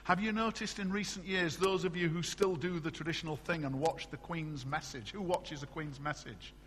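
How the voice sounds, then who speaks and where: A middle-aged man from England preaching a sermon in a church, animated and conversational, often asking the congregation questions. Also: fairly high pitch, moderate pace, big-room sound, a little hiss or hum. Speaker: pastor.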